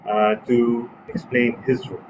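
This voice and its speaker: A man hosting a club meeting as toastmaster of the day, measured and pausing with frequent fillers. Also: mid-range voice, flat delivery. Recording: noisy line with hum behind.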